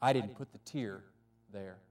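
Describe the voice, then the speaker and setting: A pastor gives voice to the Lord as a proud, tender male creator. The reading is earnest and storybook-like, set a little higher than his usual speech. The sound comes from some distance off the microphone. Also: unhurried, slight background noise. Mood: somber.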